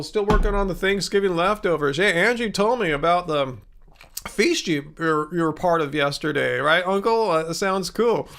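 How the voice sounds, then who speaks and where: A man's voice: high-pitched, fairly bright tone. A man in his thirties hosting a casual livestream, rambling and joking with many fillers and restarts. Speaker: livestream host answering viewer questions.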